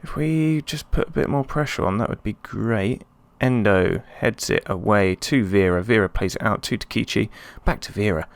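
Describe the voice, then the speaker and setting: A man casually commenting on his own football management game, chatty and prone to sudden excited outbursts. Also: fairly low pitch, normal speed, few pauses, dry recording. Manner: excitable, chatty, swings between calm and yelps. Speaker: let's play host.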